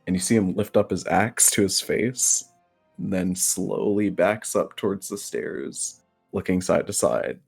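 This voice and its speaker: Slow, halting male game master. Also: low voice, vocal fry, darkish tone, slightly rough, soft background music. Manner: slow and halting, with many fillers. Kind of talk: narrating a tabletop game.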